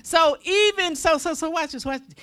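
A woman minister preaching a sermon in a folksy, animated style with call-and-response to the congregation. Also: very high voice, normal speed.

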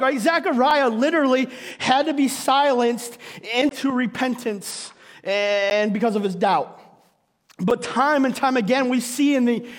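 Very high-voiced male pastor, hall reverb. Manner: conversational, punctuates nearly every sentence with "right?"; playful, acts out scripture scenes. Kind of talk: sermon. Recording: long reverb of a large hall.

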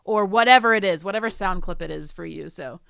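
A young adult woman co-hosting a podcast in casual chat, chatty, with quick asides. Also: on the low side, vocal fry, fairly bright tone, smooth, no echo, clean studio sound. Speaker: podcast co-host.

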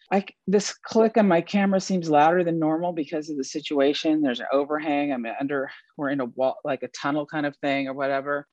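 A man as an interview guest, talking about his work as an event photographer in a casual, animated way and laughing often. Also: a little high, no echo, muffled recording.

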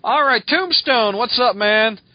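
High-voiced sarcastic podcast host. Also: male voice, lively intonation, unhurried, no echo, dull audio. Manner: sarcastic, rambling, laughs often. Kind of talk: casual comic book review chat.

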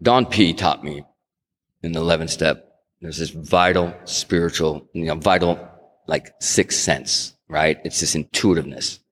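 Middle-aged man, very deep voice, personal testimony, conversational storytelling, long reverb of a big hall. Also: a little slow, fairly bright tone. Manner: conversational storytelling, acts out quotes, frequent restarts. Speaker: speaker sharing his recovery story.

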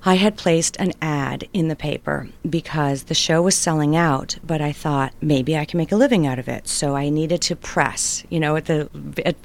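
A woman's voice: sits low, normal speed, few pauses. A middle-aged woman, a writer and performer, telling stories in a conversational interview and acting out family voices along the way. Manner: animated, acts out family voices in anecdotes.

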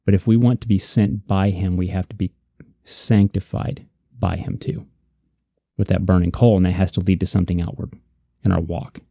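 A man's voice: sits low, fairly even intonation, moderate pace, creaky, mellow, breathy edge, dry recording, studio quality. A man co-hosting a casual faith discussion, earnest and reflective, repeating points for emphasis. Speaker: podcast co-host.

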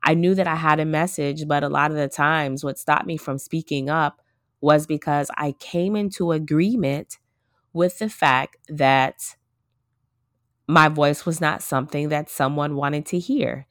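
A woman's voice: deep voice, steady tone, unhurried, fairly bright tone, no echo, clean studio sound. A woman in her thirties hosting a casual solo podcast, talking to her listeners in an earnest, reflective way. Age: 30s. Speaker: podcast host.

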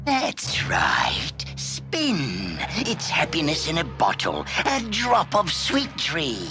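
An actor playing a smooth-talking male dingo drug dealer in a cartoon, with a shaky Australian accent close to Cockney. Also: on the high side, huge pitch swings, slow, full character voice. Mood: coaxing. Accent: shaky Australian, near Cockney. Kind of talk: cartoon voice acting. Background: music.

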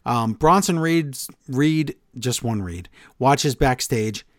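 A man co-hosting a wrestling podcast, talking in a casual, exasperated, animated way with quick asides. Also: medium pitch, no room sound, clean studio sound. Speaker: podcast co-host.

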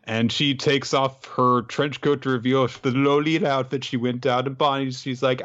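A man recapping a manga chapter in casual chat, animated and laughing, often jumping into high voices for the characters. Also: normal speed, lo-fi sound. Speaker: podcast co-host.

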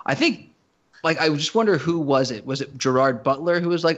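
A man chats casually on a podcast, rambling and animated, tripping over restarts. His voice has a gravelly fry. The recording sounds a little muffled. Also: mid-range voice, moderate pace. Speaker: podcast co-host. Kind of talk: casual chat.

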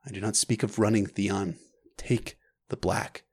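Storybook read: elderly male maester, calm and hushed, put on by a male reader. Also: gravelly, breathy edge, heavily acted. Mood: quiet pleading. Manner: soft, low and measured.

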